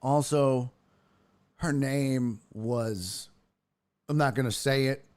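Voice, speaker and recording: A man's voice: medium pitch, slow, darkish tone. A man hosting a sports stream, chatting casually, rambling and often breaking off mid-sentence. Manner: rambling, self-interrupting, exclaiming. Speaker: sports show host. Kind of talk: casual live-stream chat.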